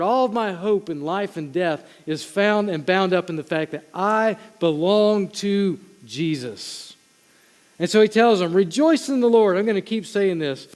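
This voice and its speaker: A man's voice: sits high, darkish tone. A man preaching a sermon to his congregation in a conversational way, with asides to the people in front of him. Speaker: pastor. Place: church sanctuary. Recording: long hall reverb.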